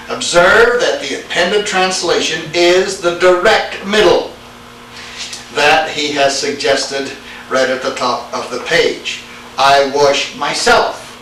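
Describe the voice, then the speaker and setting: A man teaching a Greek class, lecturing slowly and quizzing his students as he goes. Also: fairly high pitch, a bit bright. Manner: slow, deliberate, asks the class questions. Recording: echoey room, speaker far from mic, faint hiss.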